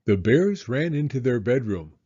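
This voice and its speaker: A man reading a children's story aloud with expressive, unhurried narration. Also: medium pitch, breathy edge, dull audio. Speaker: storybook reader.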